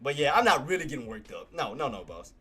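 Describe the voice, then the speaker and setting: A male streamer giving live trading commentary, excitable, repetitive and quick to apologize. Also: medium pitch, breathy edge, faint music behind.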